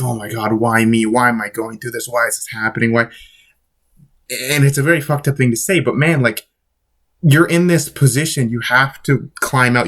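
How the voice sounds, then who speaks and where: Man, mid-pitched voice, casual vlog monologue, blunt, profane, emphatic, rambling, rhetorical questions. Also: fairly bright tone. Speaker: vlogger.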